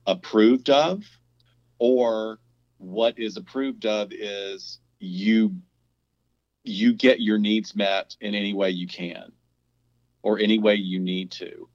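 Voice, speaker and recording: A man's voice: lowish voice, muffled recording. A man co-hosting a casual discussion podcast, thinking aloud with frequent restarts as he builds his point. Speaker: podcast co-host.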